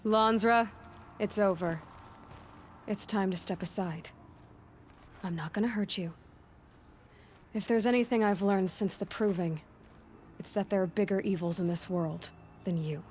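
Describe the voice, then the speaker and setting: Casting: woman as a calm, determined young huntress, faint hiss. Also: mid-range voice, measured pace, long pauses, lightly acted. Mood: resolute.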